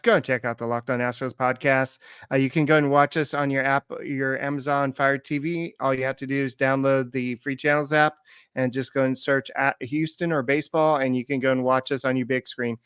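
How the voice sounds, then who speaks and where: A man co-hosting a sports podcast in casual chat, relaxed and slowing down with ums as he thinks. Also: medium pitch, clear, resonant tone, no room sound, clean studio sound. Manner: relaxed, frequent ums and uhs, slows while thinking. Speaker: podcast co-host.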